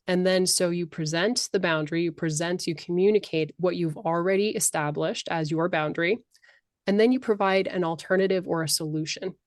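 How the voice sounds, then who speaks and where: A middle-aged woman talking as a life coach on a podcast, passionate and animated. Her voice sits a little low. The sound is close and dry. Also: moderate pace, dry recording. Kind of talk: podcast interview.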